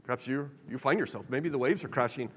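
A man preaching a sermon in a church, animated, shifting his pace and loudness. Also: mid-range voice, fast talker, slightly rough. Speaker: pastor. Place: church sanctuary. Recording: reverberant hall.

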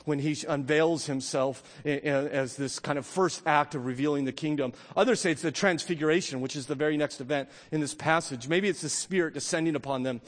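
A man in his thirties preaching a sermon as pastor, earnest and animated, often restarting his phrases. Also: a little high, brisk, hardly any pauses. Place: church sanctuary. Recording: long church reverb.

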